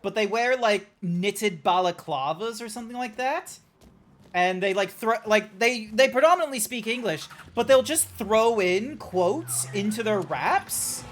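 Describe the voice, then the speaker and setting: A man's voice: high voice, expressive, unhurried, a little hiss or hum. Rambling man streaming a game. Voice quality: rambling, lots of fillers and asides. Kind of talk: casual gameplay commentary. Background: music playing.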